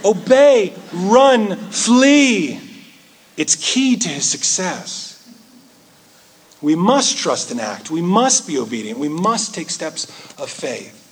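A man preaching a sermon in an earnest way, rising into animated quoted asides. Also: fairly high pitch, slow, husky. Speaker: pastor.

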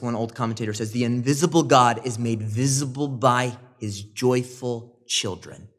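A man preaching a sermon, animated and rising loud on emphasis, with quoted asides. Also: medium pitch. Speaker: pastor.

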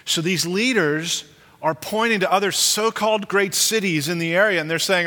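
A man preaching a sermon as a pastor, animated, and acting out the people he quotes. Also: moderate pace. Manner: animated, acts out quoted leaders with rising pitch. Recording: long hall reverb.

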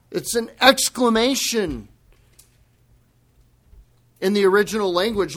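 A man preaching a sermon, slow and deliberate, breaking into dramatic exclamations for emphasis. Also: high voice, lively intonation, fairly bright tone. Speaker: pastor.

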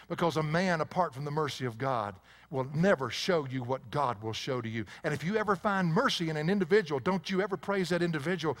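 Dynamic preaching man, pastor. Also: fairly high pitch. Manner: dynamic preaching, swings between loud emphasis and quiet. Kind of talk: sermon. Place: church sanctuary with congregation.

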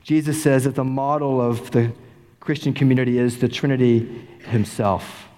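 Animated male pastor in a reverberant sanctuary. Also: mid-range voice, moderate pace. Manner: animated, rhetorical, repeats questions for emphasis. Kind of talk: sermon. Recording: long reverb in a large sanctuary.

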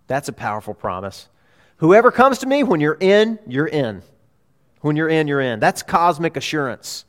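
Emphatic pastor preaching a sermon. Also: male voice, a little high, animated, normal speed. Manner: emphatic, repeats key phrases, swings between loud urgency and hushed tones.

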